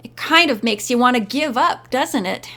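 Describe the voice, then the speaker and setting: A woman's voice: fairly high pitch, animated, moderate pace, sharp tone. A woman voicing a disgusted, discouraged young woman model.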